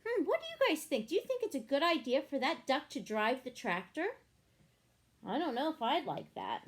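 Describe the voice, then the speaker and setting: Animated woman reading a picture book aloud. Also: high voice, moderate pace. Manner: animated, asks the listeners questions. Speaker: storyteller reading to children.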